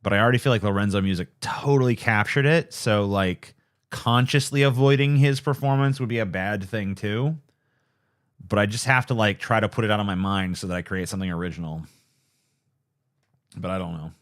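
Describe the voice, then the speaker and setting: Guy chatting on a late night stream, kinda low voice, rambly and swears a lot, puts himself down. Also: fairly quick. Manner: rambling, profane, self-deprecating. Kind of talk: casual late-night livestream chat.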